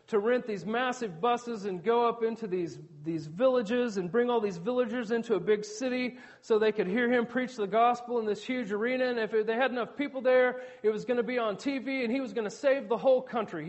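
A man's voice: extremely high pitch, a little mellow, highs cut off. A man preaching a sermon in an earnest, conversational teaching manner, with asides to the congregation.

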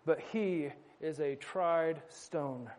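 A man preaching a conversational sermon with wry asides, slowing down for emphasis. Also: a little high, a little mellow.

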